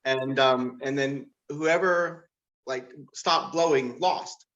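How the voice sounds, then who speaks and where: A man doing stand-up comedy who laughs at his own jokes and rambles with lots of fillers, jumping way up in pitch when he quotes people. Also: slow pace, fairly bright tone, lo-fi sound, a little hiss or hum. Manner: jumps to a much higher pitch to act out quoted people. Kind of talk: live-streamed stand-up comedy.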